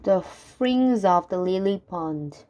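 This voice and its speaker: A woman reading children's rhyming poems aloud in a measured, rhythmic way. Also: mid-range voice, lively intonation, mellow, a little hiss or hum. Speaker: reader.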